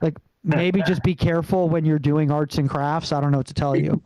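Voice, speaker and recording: Halting, filler-heavy male comic, dry sound. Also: on the high side, fairly even intonation, mellow, no echo, poor audio. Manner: rambling, halting delivery with many fillers. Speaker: stand-up comedian. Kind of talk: stand-up set on a video call. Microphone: video call.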